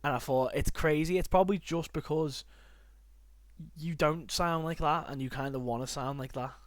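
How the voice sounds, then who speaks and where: A man's voice: on the high side, normal speed, no room sound, clean studio sound. A young man with a northern English accent, chatting loosely as a podcast host. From north of England, near Liverpool. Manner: chatty, rambling, animated when joking. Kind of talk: casual podcast chat.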